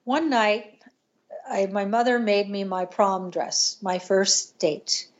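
An older woman, a podcast guest, tells a painful personal story in an earnest, halting way, with restarts and pauses. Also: medium pitch, dull audio.

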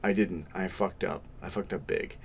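A man's voice: low-pitched, fairly even intonation, normal speed, slightly rough. A young adult man co-hosting a podcast, chatting casually and rambling, with some self-deprecating asides. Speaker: podcast co-host. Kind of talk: casual chat.

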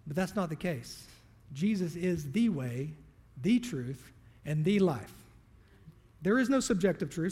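A man's voice: high-pitched, long reverb tail. A male pastor preaching a sermon, reading scripture aloud and then explaining it in a conversational way.

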